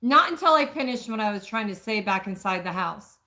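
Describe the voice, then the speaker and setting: A woman's voice: medium pitch, lively intonation, fairly quick, pushed and bright. A woman voicing an intense, blunt man from a romance novel, insistent and curt.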